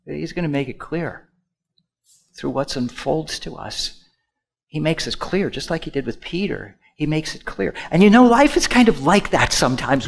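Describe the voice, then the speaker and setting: A male pastor preaching a sermon, swinging from loud emphatic lines to hushed asides and having the congregation repeat words after him. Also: fairly high pitch, lively intonation, moderate pace, gravelly.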